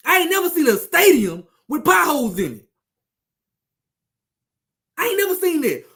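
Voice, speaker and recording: High-pitched, fiery ranting man. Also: big pitch swings, normal speed, creaky, bright, forceful tone. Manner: fiery, repetitive, profane, taunting. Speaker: sports commentator with his own channel. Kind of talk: heated sports rant to viewers.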